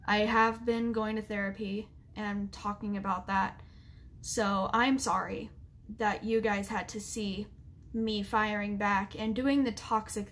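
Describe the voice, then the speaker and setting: A young woman vlogger talking straight to camera, halting and full of fillers as she fights back tears. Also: mid-range voice. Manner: halting, with many fillers and restarts. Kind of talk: emotional apology vlog.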